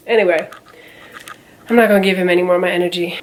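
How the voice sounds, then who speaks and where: A woman's voice: lowish voice, fairly even intonation, fast talker, slight background noise. A young woman in her twenties telling a story in a casual vlog, chatty and full of quoted back-and-forth, with a slightly nasal tone. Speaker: vlogger.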